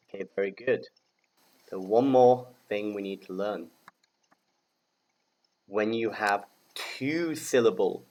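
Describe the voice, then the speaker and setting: In a lo-fi recording, a man from the UK with a lowish voice gives a slow, clear grammar lesson to English learners. He is patient, spelling out letters and saying words for the class to repeat back.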